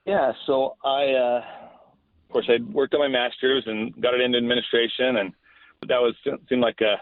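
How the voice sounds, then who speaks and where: A man's voice: mid-range voice, little pitch movement, normal speed, no echo. A middle-aged man, a school principal, telling a story in a casual podcast interview, earnest and often restarting his phrases. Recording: thin phone-like line.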